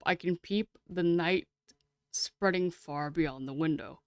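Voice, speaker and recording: A woman streamer reading a game aloud and chatting with her viewers, excitable and casually swearing. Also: low-pitched, moderate pace, no room sound, studio quality.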